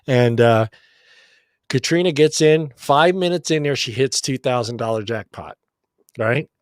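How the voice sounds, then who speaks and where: A middle-aged man spins a story on a casual podcast. He is animated, swears often and acts out the other people's lines. His voice sits in a middle range and sounds dry and close. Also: medium pitch, unhurried, no room sound. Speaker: podcast co-host.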